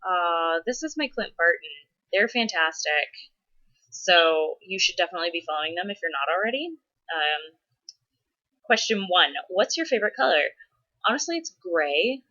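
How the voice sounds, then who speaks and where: Chatty woman answering questions, kinda low voice but bright and forceful, dull lo-fi sound, laughs a lot. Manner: chatty, laughs often, dramatic exasperated asides. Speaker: vlogger answering follower questions. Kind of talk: casual chat.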